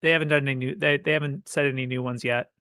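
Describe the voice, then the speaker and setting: A man's voice: medium pitch, fairly even intonation, rapid-fire, bright, forceful tone, no room sound, clean studio sound. A man co-hosting a podcast in casual chat, rambling and restarting his sentences as he agrees along. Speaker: podcast co-host.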